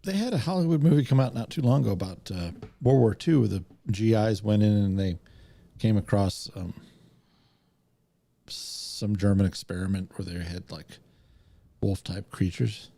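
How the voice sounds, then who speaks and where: Man, gravelly, lowish pitch, dry close mic, easygoing podcast storyteller. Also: normal speed, dark tone, no echo. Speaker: podcast co-host. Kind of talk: casual podcast chat.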